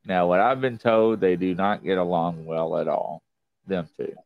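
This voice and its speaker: A man's voice: low-pitched, moderate pace, highs cut off. A man hosting a podcast interview, chatting casually and eagerly agreeing with his guest. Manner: eagerly agreeing, says "absolutely". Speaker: podcast host.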